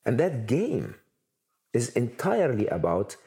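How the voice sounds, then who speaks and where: A man's voice: mid-range voice, wildly swooping pitch, unhurried, warm tone. A man answering interview questions at length, emphatic and building points through repeated lists. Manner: emphatic, repetitive lists for effect. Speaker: interview guest.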